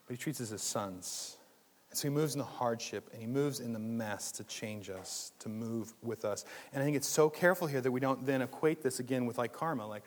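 A man preaching a sermon in a church, conversational and animated, with jokes and asides. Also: mid-range voice, moderate pace, big-room sound. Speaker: pastor.

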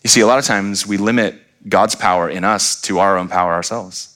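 A middle-aged pastor preaches with emphatic conviction, pressing his listeners with rhetorical questions. His voice sits on the low side but rings bright and forceful. He now and then slips into acted voices to make a point. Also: fairly even intonation, fairly quick. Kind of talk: sermon.

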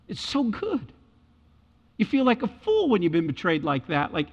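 A man's voice: high voice, huge pitch swings, normal speed, darkish tone, husky. A man preaching a sermon with dramatic delivery, acting out voices from the scriptures. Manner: dramatic, acts out biblical voices. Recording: echoey hall, dull lo-fi sound.

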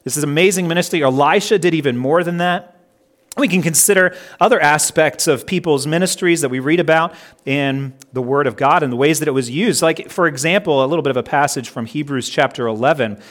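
A man preaching a sermon in a slightly high, earnest voice. He slows down and hits each phrase in a list with weight. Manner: earnest, slows down and stresses items in lists. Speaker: pastor.

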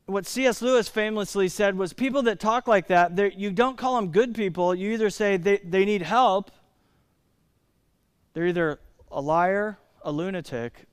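A man from Indiana preaching a sermon as pastor, emphatic and slowing down to stress key words. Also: on the high side, smooth, no room sound.

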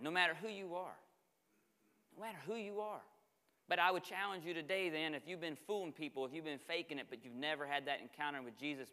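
A man preaching from the pulpit with a bright, slightly high voice. He tells the story with energy and plays out the dialogue himself. His words ring out in the long reverb of a big church hall. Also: smooth. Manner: animated storytelling, acts out dialogue. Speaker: pastor. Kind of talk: sermon. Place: church sanctuary.

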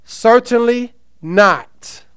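A man's voice: very high voice, extremely slow, fairly bright tone, clear, resonant tone. A man preaching a sermon, reading scripture aloud and asking the congregation questions with emphasis. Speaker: pastor.

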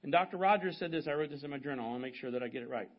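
A man in his fifties, a pastor preaching a sermon and telling a personal story with animated asides to the congregation. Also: mid-range voice, very fast, dull audio.

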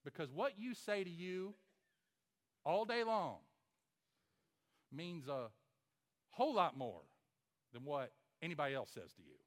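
A man preaching a sermon as pastor, emphatic, with rhetorical questions and swings from loud to hushed. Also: on the high side, lively intonation, unhurried, pauses often.

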